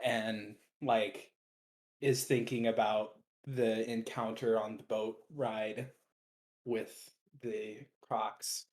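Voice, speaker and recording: A tabletop player describes a character slowly, pausing often and filling gaps with ums and likes. The voice sits in a middle pitch and takes its time. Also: flat delivery, darkish tone. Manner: hesitant, full of ums and likes. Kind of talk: playing a character in a tabletop game.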